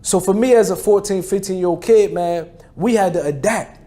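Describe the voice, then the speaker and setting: A man in his forties with a New Jersey accent tells his life story in a casual, repetitive style full of street slang. His voice sits fairly high but has a mellow, dark tone. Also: normal speed. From New Jersey, USA. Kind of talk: conversational testimony.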